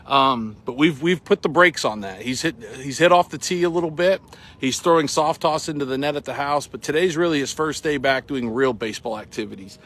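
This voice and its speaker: A man's voice: on the high side, brisk, fairly bright tone. A middle-aged man from Massachusetts, out of breath, hosting an upbeat, chatty live morning talk outdoors at a ball field. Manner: upbeat, chatty, many ums and uhs. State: sweating and out of breath. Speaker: real estate broker hosting a morning show.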